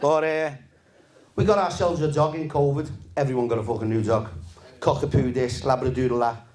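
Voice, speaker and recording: Relaxed, sweary man on stage. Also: mid-range voice, brisk. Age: 50s. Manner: relaxed, deadpan, sweary storytelling. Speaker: stand-up comedian. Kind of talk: stand-up comedy set. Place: live comedy venue with audience.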